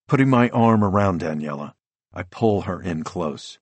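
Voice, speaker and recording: Male audiobook narrator, very low and a touch husky, dry close studio sound, steady and tense. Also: normal speed, no echo. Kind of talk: first-person audiobook narration.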